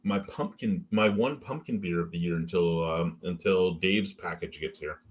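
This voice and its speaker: A man co-hosting a beer review live stream, telling loud, profane stories in casual chat. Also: low voice, moderate pace, husky. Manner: loud, profane, animated storytelling. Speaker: beer review podcast co-host. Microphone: headphones and mic at home.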